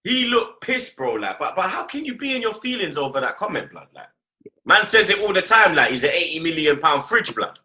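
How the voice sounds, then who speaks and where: A man leads a loose football chat. He talks in an animated, slang-heavy way and keeps repeating his catchphrases. His voice comes out very bright and a touch high. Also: fairly quick. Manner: animated slangy talk, repeats "blood" and "you get me". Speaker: host.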